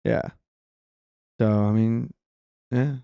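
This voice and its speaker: A man's voice: lowish voice, steady tone, drawn-out words, smooth, no echo, highs cut off. A man co-hosting a casual film podcast, rambling and restarting his sentences, swearing freely. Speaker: podcast co-host.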